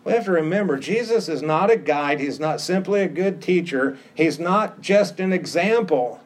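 A man's voice: fairly high pitch, animated, normal speed. A middle-aged pastor delivers a sermon in a slightly raised voice. He drives home each point by repeating short phrases with emphasis.

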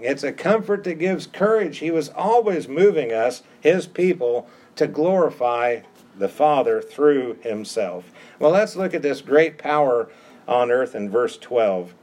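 A man's voice: fairly high pitch, darkish tone. A male pastor preaching a sermon, emphatic and given to repeating key phrases, with casual asides to the congregation. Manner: conversational asides.

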